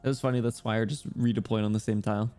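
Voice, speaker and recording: Over soft background music, a man streams a game in a lowish, steady voice, talking fast and directly to viewers with lots of "like" and other fillers. When he reads the story text aloud, his voice gets softer and quieter.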